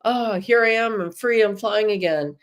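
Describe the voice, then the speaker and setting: A woman's voice: medium pitch, normal speed, pitched above the performer's own voice, close to an everyday voice. A woman voicing a small, adventurous rebel acorn in a wide-eyed storybook voice. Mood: excited.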